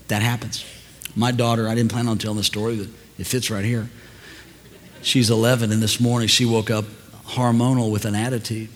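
Older male pastor, storytelling sermon, quiet asides building to loud preaching, long church reverb, faint room noise. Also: fairly low pitch, flat delivery, a little fast. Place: large church hall.

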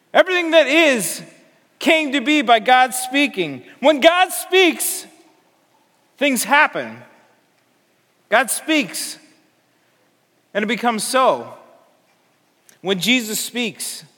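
A very high-pitched man preaches in slow, deliberate phrases that build to emphatic declarations. His tone is bright and sharp, and a long reverb trails every line. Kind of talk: sermon.

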